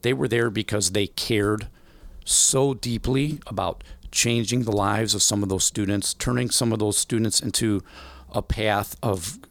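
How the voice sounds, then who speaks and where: A man in his forties from the American Midwest, telling stories in an interview, animated and acting out voices in the quotes. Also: fairly low pitch, unhurried, no room sound. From Illinois, USA. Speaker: guest. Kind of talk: storytelling interview.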